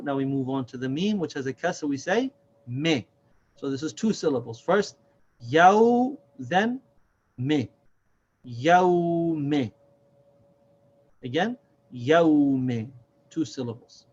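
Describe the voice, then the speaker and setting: A man's voice: on the high side, expressive, a little fast, muffled recording. A man teaching a reading lesson step by step, patiently sounding out and repeating each syllable.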